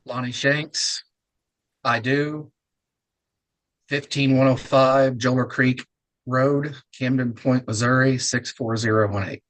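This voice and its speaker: A man's voice: medium pitch, steady tone, takes it slowly, long pauses, fairly bright tone, no echo. A man, the applicant, joining a public hearing online and answering politely and briefly. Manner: polite, brief, says sir. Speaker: applicant testifying remotely.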